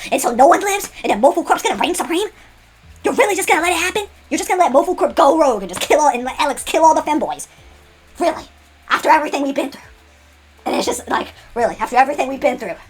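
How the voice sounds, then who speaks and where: A woman's voice: high-pitched, voice pushed up. A woman voicing a nervous, sweaty young male fighter who stammers and pleads.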